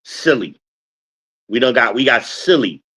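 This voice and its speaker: A man's voice: medium pitch, a little slow, husky, rough recording. Scolding man preaching on a stream. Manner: animated, scolding, preacher-like cadence. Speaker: podcast host. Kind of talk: casual streamed monologue, preaching.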